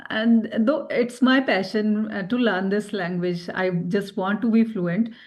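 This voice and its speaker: A woman's voice: medium pitch, fairly even intonation, unhurried, a little mellow. A woman hosting a casual interview, encouraging her guest and laughing easily. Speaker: interview host.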